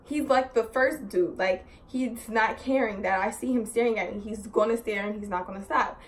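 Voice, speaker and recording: A young woman vlogs a story in a casual, rambling, animated way, packing her speech with "like" and "so" and swearing out of exasperation. Her voice is a little high at a normal speed.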